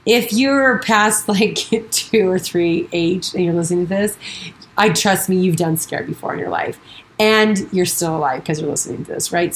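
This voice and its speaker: A woman's voice: mid-range voice, low-quality recording. A woman hosting her own podcast as a coach, talking casually and encouragingly, often quoting her own self-talk and checking in with "right?". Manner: chatty, self-talk quotes, frequent "like" and "right?".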